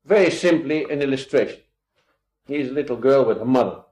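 Speaking a little fast in a mid-range, darkish voice, a man delivers an expository sermon. He quotes old-style scripture and drives home key points with earnest rhetorical questions that build to emphatic rises.

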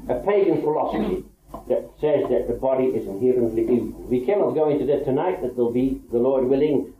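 A man's voice: medium pitch, slight background noise. Earnest preacher man on tinny, echoey tape. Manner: earnest, measured teaching with frequent uhs. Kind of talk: Bible teaching sermon.

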